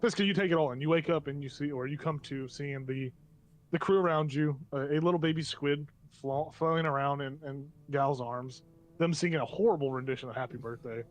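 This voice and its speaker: Male game master, slightly high voice, rambling scene-setter. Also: a little fast. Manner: loose, meandering scene description. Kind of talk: narrating a tabletop game.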